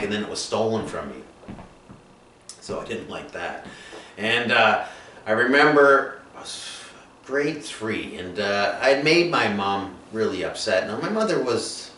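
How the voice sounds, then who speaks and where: A man telling his own life story in a rambling, halting way, full of fillers and restarts. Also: fairly low pitch, sharp tone. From Nova Scotia, Canada. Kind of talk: personal storytelling monologue. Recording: echoey room, mic at a distance, faint noise.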